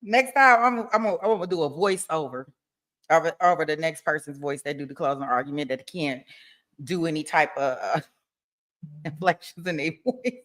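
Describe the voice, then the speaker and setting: Casual woman livestream commentator with a lowish voice, chatty and quick to laugh. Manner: chatty, laughs often, talks to viewers.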